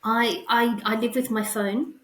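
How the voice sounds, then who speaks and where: A woman's voice: fairly high pitch, steady tone, measured pace, a bit bright. A woman co-hosting a podcast in casual chat, musing aloud and often exclaiming. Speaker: podcast co-host. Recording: roomy echo.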